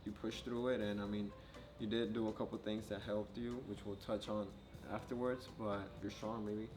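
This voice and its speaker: A young man, a new father, chatting casually in a vlog, relaxed and rambling with lots of filler words. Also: on the low side, moderate pace, music in the background. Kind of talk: casual chat.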